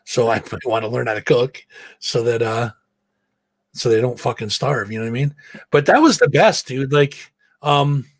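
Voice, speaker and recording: A man hosts a casual podcast from a home studio, speaking in a mid-pitched voice. He swears freely and acts out each quote as he spins a story. The sound is dry and close, with no room around it. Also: creaky, no room sound. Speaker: podcast host. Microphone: own mic, mutes it to vape.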